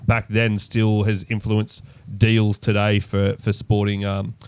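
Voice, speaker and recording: A man's voice: fairly low pitch, completely flat delivery, slow pace, darkish tone, smooth, no echo. A man co-hosting a podcast, chatting casually about a film he finally watched. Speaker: podcast co-host.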